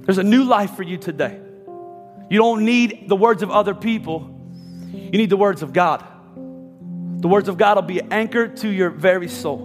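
A man with a high voice preaches a passionate sermon, slipping into the voices of his listeners and of Bible figures. His voice rings out through a large church hall with a long reverb, and soft instrumental music plays underneath. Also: normal speed, pauses often. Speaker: pastor. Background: faint instrumental music.

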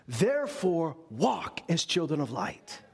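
High-voiced man preaching a sermon. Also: big pitch swings, slow, vocal fry, a little mellow, slightly rough. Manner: earnest preaching with rhetorical questions. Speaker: pastor.

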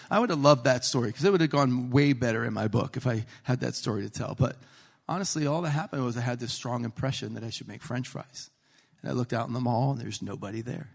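A man's voice: mid-range voice, brisk, creaky. A man preaching a sermon in a humorous storytelling way, acting out the people he quotes. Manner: animated, jokey, acts out quotes.

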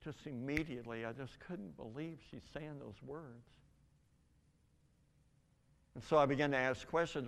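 An older man giving a spoken testimony, telling a story earnestly with halting restarts. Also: mid-range voice, vocal fry, a bit bright. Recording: long reverb in a large hall.

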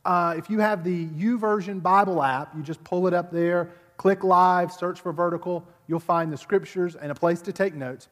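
Man, pastor, sermon, high voice, conversational, repeats words, long hall reverb. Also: fairly even intonation, normal speed, hardly any pauses. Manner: conversational, repeats words while building a point. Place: church service.

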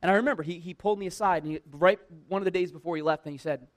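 A man who works at a church tells a personal anecdote in a lively, conversational way, full of "like" and self-mocking humor. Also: high-pitched, rapid-fire. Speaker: church worker telling a personal story. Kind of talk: casual personal storytelling.

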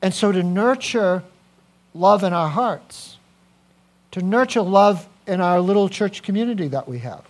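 A man preaching a sermon as a pastor, animated, swinging from quiet to loud with personal asides. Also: high-pitched, a little slow.

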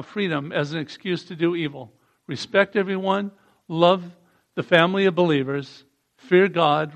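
A man with a somewhat high, gravelly voice leads a sermon. He reads scripture aloud and has the congregation repeat lines back to him. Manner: reads passages aloud and leads call-and-response. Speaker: preacher.

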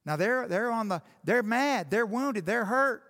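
A man's voice: very high voice, lively intonation, unhurried, a bit bright, big-room sound. A man preaching a sermon as pastor, speaking directly and with passion to the congregation.

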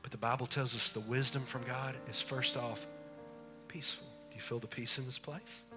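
A man preaching a sermon, swinging between booming lines and hushed, intimate ones in a church. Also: fairly even intonation, normal speed, music in the background. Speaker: pastor. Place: church sanctuary.

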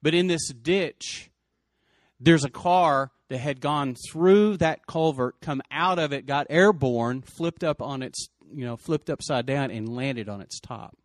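A man's voice: mid-range voice, dry recording. Middle-aged man, earnest personal storyteller, swings from urgent bursts to near-whispers, close and dry sound. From West Texas. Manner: earnest, emotional, quick surges and hushed drops.

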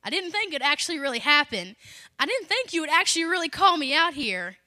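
A man's voice: very high-pitched, very animated, brisk, sharp tone, dry recording, studio quality, heavily acted. A woman acting out an anxious male disciple who nervously questions himself on the edge of a boat.

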